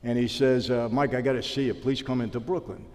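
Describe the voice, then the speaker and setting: A man's voice: mid-range voice, brisk, long reverb tail. A man telling stories in a sit-down interview, acting out the dialogue. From New York. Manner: animated storyteller acting out dialogue. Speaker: interview guest, former mobster.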